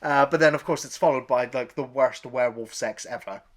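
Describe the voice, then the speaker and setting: A man co-hosting a film review podcast, telling behind-the-scenes stories in relaxed, casual chat. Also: medium pitch, brisk. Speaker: podcast co-host.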